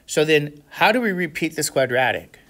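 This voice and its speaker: A man lectures a classroom of students in a lively, expressive voice that swings widely in pitch. He keeps throwing questions at the class to make sure they are with him, and breaks into sudden exclamations. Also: normal speed. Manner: asks the class frequent questions, checking understanding. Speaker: math instructor.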